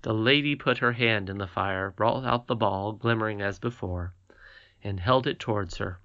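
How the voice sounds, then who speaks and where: A man narrating a storybook as an audiobook reader, soft and unhurried. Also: fairly low pitch, no echo, highs cut off.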